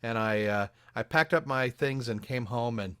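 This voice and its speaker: A man's voice: medium pitch, moderate pace, a bit bright, smooth, dry recording, studio quality. A man co-hosting a podcast in casual chat, wry and self-deprecating as he talks. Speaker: podcast co-host.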